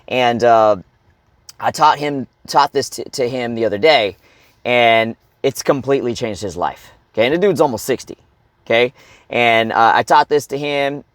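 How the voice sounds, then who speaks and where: A man's voice: medium pitch, dry recording. Blunt, profane man coaching, dry sound. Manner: blunt and profane, keeps checking in with "okay?"; bursts into loud shouts and grunts to demonstrate. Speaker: fitness and life coach. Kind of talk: motivational coaching monologue.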